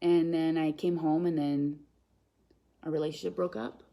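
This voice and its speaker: A woman, a guest on a live stream, chatting in an animated, upbeat way and reading viewer comments aloud. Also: sits low, moderate pace. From Canada. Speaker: guest speaker. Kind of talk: live-stream motivational chat.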